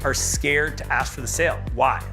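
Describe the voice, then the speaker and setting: A man delivers a motivational talk about selling, playing out little scenes in quoted voices. His medium-pitched voice has fairly even intonation and a moderate pace, with music in the background.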